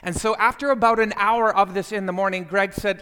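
A man telling a personal story to listeners, animated and speaking to them directly. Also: sits high, brisk, smooth, in a large hall. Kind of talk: storytelling talk.

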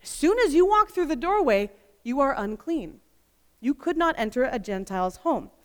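A woman giving an expressive, emphatic Bible teaching full of rhetorical questions. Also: high voice, normal speed. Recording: long reverb.

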